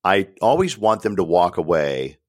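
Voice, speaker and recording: A male talk radio host with a very low, deep voice speaks casually and earnestly into a studio mic. He repeats his points for emphasis, and the sound is dry and close. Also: very animated, normal speed, dry recording. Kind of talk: casual talk-show chat.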